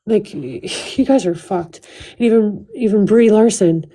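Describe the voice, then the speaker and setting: Angry woman ranting on a livestream, dark voice. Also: mid-range voice, low-quality recording. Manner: profane, venting, fast restarts. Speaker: livestream host. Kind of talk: heated livestream rant.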